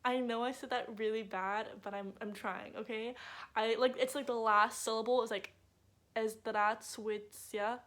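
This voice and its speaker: A woman's voice: fairly high pitch, fairly even intonation, moderate pace, fairly bright tone. A young woman, a native English speaker, chatting casually to camera in a bubbly vlog with lots of filler words. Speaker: vlogger.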